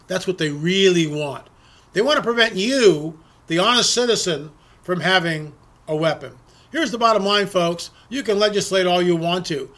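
A man's voice: high-pitched, pushed and bright. A man delivering an emphatic political monologue to his audience, often repeating words and restarting sentences. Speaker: political commentator.

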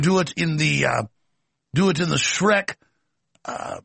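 A man's voice: on the high side, a little slow, creaky, long pauses, fairly bright tone, no room sound. A man hosting a political commentary show, delivering a sarcastic, combative rant. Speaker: show host.

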